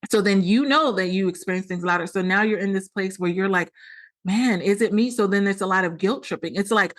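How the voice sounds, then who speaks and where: A woman's voice: mid-range voice, fast talker, fairly bright tone. A woman hosting a solo podcast, explaining earnestly and often acting out quoted dialogue. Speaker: podcast host.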